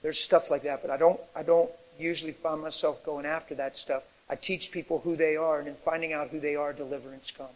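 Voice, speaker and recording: A male preacher with a high voice delivers an animated sermon, swinging from quiet, low stretches to loud shouted peaks. His voice carries a long reverb from a large church hall. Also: brisk, hardly any pauses.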